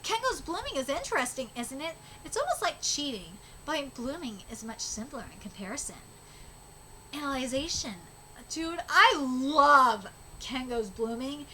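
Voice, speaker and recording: A woman streamer reading manga chapters aloud and reacting, excitable, gushing and swearing casually. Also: sits high, moderate pace.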